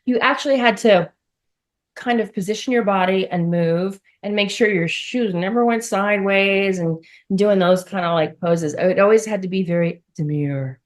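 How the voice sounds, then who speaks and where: A woman's voice: medium pitch, moderate pace. A middle-aged woman talking casually as a podcast guest, telling stories in a chatty way with asides. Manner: chatty, storytelling, with laughs and asides. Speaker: podcast guest, former model. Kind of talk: casual interview chat.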